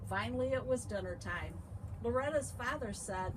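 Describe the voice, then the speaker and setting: A woman teacher reads a storybook aloud to young children in a fairly high voice and stops to ask them questions. Loud noise hisses behind the recording. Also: lively intonation, normal speed. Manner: asks young listeners questions.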